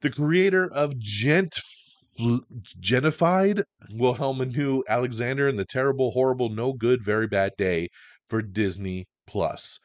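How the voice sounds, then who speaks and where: A man's voice: mid-range voice, unhurried, no echo. A man hosting a podcast, giving a casual, enthusiastic, slangy run through entertainment news. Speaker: podcast host.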